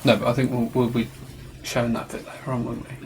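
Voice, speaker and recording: A young English man in his twenties speaks on a livestream. His delivery is hesitant and full of fillers, and his intonation stays flat. There is clear background noise behind him. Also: mid-range voice, fast talker. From England, Oxfordshire. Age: 20s. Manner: hesitant, many short agreements and fillers. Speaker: shop helper. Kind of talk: casual livestream chat.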